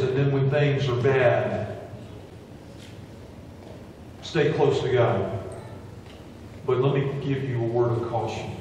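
Male pastor, fervent sermon delivery, recorded from a distance in an echoey church with faint room noise. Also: medium pitch. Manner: earnest preaching, swinging between hushed storytelling and raised fervent appeals. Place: church sanctuary.

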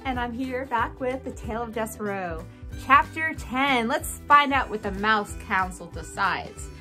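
A woman teacher at home, reading a children's novel aloud to her class with a clear, expressive delivery. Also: on the high side, measured pace, faint music behind.

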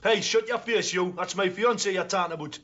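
An actor playing a brash, boastful working-class builder. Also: male voice, high voice, fairly quick, lightly acted. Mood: cocky. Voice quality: cocky, jokey. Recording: dull TV soundtrack with noise.

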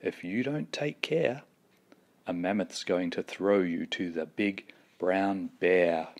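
A stern caveman father delivers a scolding warning in a low, unhurried voice, as a man reading a picture book puts him on. The voice stays close to the reader's own. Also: darkish tone, exaggerated voice.

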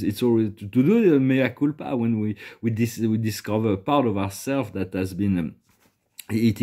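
A man with a French accent giving a spiritual talk and reading oracle cards, soft-spoken and halting, often repeating words. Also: lowish voice. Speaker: oracle card reader.

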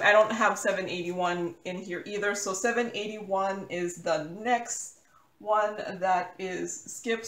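A woman's voice: medium pitch, fairly bright tone, roomy sound. An American woman chatting casually while she crafts, rambling with lots of fillers and restarts. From United States. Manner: rambling, filler-heavy, self-correcting. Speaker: crafting YouTuber.

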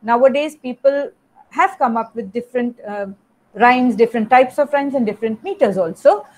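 A woman's voice: fairly high pitch, moderate pace, darkish tone. A woman teacher with an Indian English accent giving an online lecture, explaining step by step, repeating phrases and often adding "you know" and "okay".

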